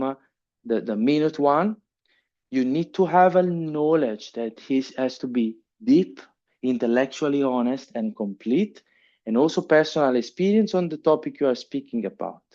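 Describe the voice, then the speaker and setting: A middle-aged man with an Italian accent giving a keynote lecture, halting with frequent fillers and restarts. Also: medium pitch, dark tone, highs cut off. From Italy. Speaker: keynote speaker. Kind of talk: conference lecture. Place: conference hall.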